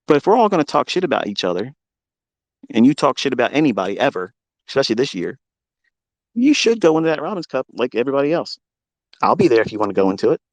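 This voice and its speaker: A man's voice: mid-range voice, sing-song, fast, pauses often, no room sound. Cussing trader guy ranting, taunty, mid voice, super dry close sound. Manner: combative, swearing, taunting. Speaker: trading educator. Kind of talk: profane monologue rant.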